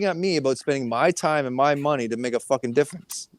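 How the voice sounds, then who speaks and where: A man's voice: mid-range voice, fast. A man co-hosting a casual chat show, ranting heatedly and swearing constantly. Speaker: co-host.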